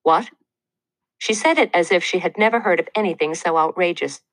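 Brief: woman narrator, earnest, measured audiobook read, lower voice, dead-dry booth sound. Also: no room sound, poor audio. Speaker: narrator of a memoir.

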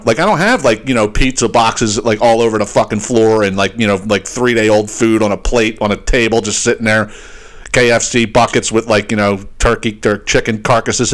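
Male podcast host with a lowish voice; foul-mouthed, animated storytelling rant. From Pennsylvania, United States. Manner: swears constantly, animated rants with frequent fillers. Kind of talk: profane comedic storytelling monologue.

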